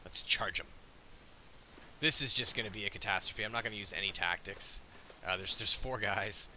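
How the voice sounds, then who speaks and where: A man as host giving jokey, excitable let's play commentary. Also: fairly low pitch, brisk, slight background noise. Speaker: gaming host.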